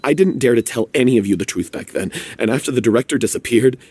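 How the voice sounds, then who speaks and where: A man's voice: mid-range voice, quick pace, a little mellow, breathy edge, dry recording, natural voice. Man voicing a guilt-ridden remorseful confessor. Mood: guilty. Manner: hesitant, apologetic.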